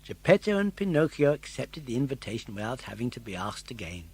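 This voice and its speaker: An older man narrating a children's story in an expressive, animated way. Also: medium pitch, a little fast, husky. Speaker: audiobook narrator.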